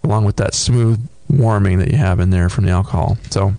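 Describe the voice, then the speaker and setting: Male podcast co-host, low gravelly voice, dry close-mic sound, halting delivery. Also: fairly even intonation, dark tone, no room sound. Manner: thoughtful, halting, many fillers and restarts. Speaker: podcast co-host reviewing beer. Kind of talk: casual tasting chat.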